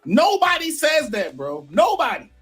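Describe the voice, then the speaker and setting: A woman online commentator airs blunt, mocking opinions with plenty of sass. Her voice is high and swoops widely. Faint music plays behind her. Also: wildly swooping pitch, measured pace. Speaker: social media commentator.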